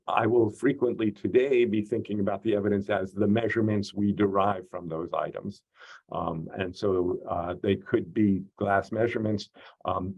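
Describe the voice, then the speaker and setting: A man lectures his class over a video call, working through each point in a measured way with plenty of "um" and "uh" fillers. His voice is low and a little husky. The audio comes through dull and muffled. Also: darkish tone. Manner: measured, explanatory, frequent "uh" and "um" fillers. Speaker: course instructor. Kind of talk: online lecture.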